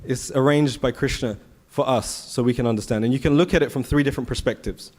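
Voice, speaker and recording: A man giving a conversational scripture class at a temple, telling the story with rhetorical questions and animated asides. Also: medium pitch, quick pace. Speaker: temple speaker. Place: temple hall.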